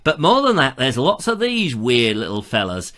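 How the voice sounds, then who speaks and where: A folksy Northern English bloke, put on by a man with a bright, lively voice. He drawls along with "aye" and "lad" and shows off his home region. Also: medium pitch, normal speed, pitched below the performer's own voice. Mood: jovial.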